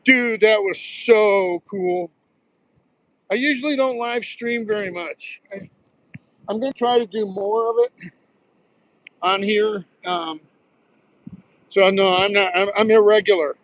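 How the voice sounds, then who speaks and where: A man's voice: high voice, takes it slowly, long pauses, low-quality recording. A man in his sixties from Southern New Jersey, rambling through stories on a casual live stream while walking on a beach, phone in hand. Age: 60s. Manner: rambling, storytelling, swears casually. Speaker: live streamer, retired Marine pilot. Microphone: phone held while walking.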